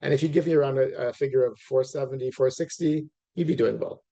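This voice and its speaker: A middle-aged man gives an informal lecture, chatting with his audience through plenty of fillers, restarts, and asides. His medium-pitched voice is fast, gravelly, and mellow, and the recording has its highs cut off.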